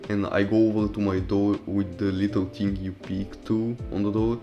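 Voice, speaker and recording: A man's voice: lowish voice, little pitch movement, moderate pace, warm tone, lo-fi sound, soft background music. A young man casually telling a personal story over gameplay, profane and rambling, with loose restarts. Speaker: storytime commentary YouTuber.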